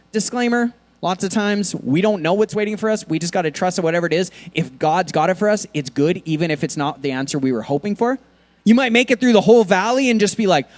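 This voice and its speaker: Man, pastor, church sermon, casual chatty delivery, slightly higher voice, shifts between quiet and loud. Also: animated, fairly quick. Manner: casual, conversational preaching with many fillers and laughs; swings between quiet, soft passages and loud emphatic ones.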